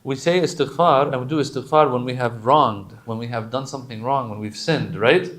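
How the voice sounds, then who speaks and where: A male preacher giving a sermon, switching between quick Arabic recitation and relaxed English explanation. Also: mid-range voice. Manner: chants Arabic lines rapidly then explains in casual English.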